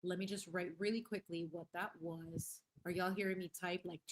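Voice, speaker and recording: The young woman hosting this casual livestream has a fairly low, steady voice at normal speed. She reads viewer comments effusively and playfully, often laughing and slipping in Spanish phrases.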